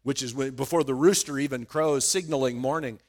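A man's voice: mid-range voice, fairly quick. A middle-aged man preaching a sermon in a conversational way, often repeating words as he starts a thought. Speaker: pastor.

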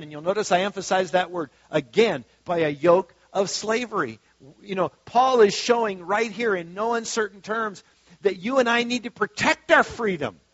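A man's voice: high voice, fairly bright tone, no room sound, muffled recording. A man preaching a sermon as pastor in a conversational way, with frequent asides and restarts.

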